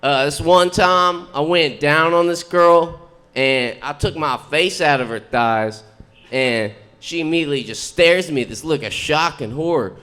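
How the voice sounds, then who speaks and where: A man's voice: on the high side, a little slow, fairly bright tone, clean tone. A man performing a stand-up set in a comedy club, telling crude stories with lots of swearing. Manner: profane, brash storytelling with crude punchlines.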